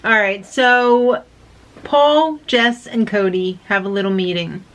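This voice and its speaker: A woman's voice: medium pitch, slow, a bit bright, rough recording. A woman co-hosting a casual recap chat, tossing out dry wisecracks. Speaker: co-host.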